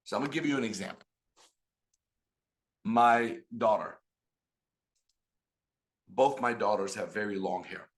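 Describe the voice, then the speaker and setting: A middle-aged man giving an animated motivational business talk on a video call, telling stories and speaking to the audience directly. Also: lowish voice, a little slow, pauses often. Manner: animated storytelling with audience asides. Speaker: business trainer.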